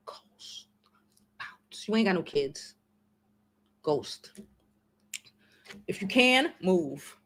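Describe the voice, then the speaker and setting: A woman in her forties, hosting a livestream and giving blunt, slangy, profane advice in casual chat to her viewers. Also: medium pitch. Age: 40s. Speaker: livestream host.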